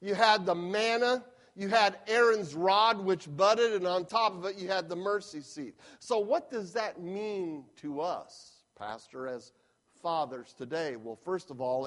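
Slow, high-voiced man preaching. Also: lively intonation, fairly bright tone. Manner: preaching with emphatic repetition. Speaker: pastor. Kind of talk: sermon.

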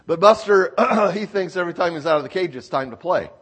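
Guy preaching from a church stage, kinda high voice, tells stories and clears his throat a lot. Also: lively intonation, brisk, fairly bright tone. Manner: storytelling, acts out quotes, clears throat often. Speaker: pastor. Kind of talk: sermon.

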